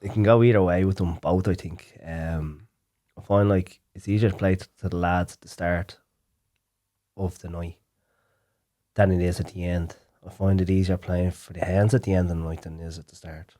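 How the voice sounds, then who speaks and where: A man's voice: sits low, steady tone, normal speed, warm tone. A man, a musician guest telling gig stories in casual chat, laughing often. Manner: laughs often, storytelling with acted quotes.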